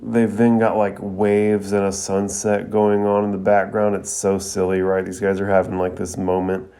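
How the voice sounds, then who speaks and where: A man's voice: low-pitched, level tone, normal speed, dark tone. A man hosting an anime review podcast who retells an episode in a casual, filler-heavy way. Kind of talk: casual narrated episode recap.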